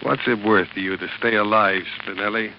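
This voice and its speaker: An actor playing a grim, hardened American man with a terse, flat delivery, in 1940s radio acting style on a dull old broadcast. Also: fairly low pitch, a little fast, slight background noise, lightly acted. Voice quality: terse, flat, hard-edged. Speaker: lead and narrator.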